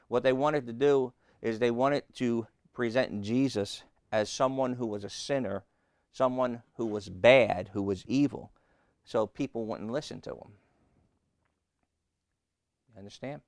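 Gravelly low-voiced guy preaching, emphatic, asks the crowd questions, dry close sound. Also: a little slow, dry recording. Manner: emphatic, rises loud and high on key points, calls out to the congregation. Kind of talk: sermon.

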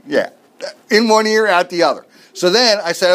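A man's voice: high voice, lively intonation, measured pace. A middle-aged man preaching a sermon, telling a family story with folksy jokes and asides.

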